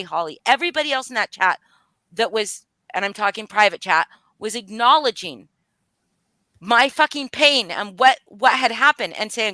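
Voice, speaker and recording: Angry bright-voiced woman calling someone out. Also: fairly high pitch, expressive, normal speed, no echo. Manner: angry, profane, voice rising and falling. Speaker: livestream guest speaking out. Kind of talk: emotional live-stream confrontation.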